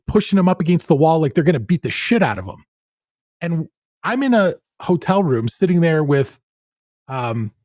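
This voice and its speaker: A man's voice: fairly high pitch, no echo, studio quality. A middle-aged man hosting a podcast, telling a story in a loose, profane way and laughing as he goes. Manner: animated, profane, laughs while telling stories. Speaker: podcast host. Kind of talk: casual storytelling chat.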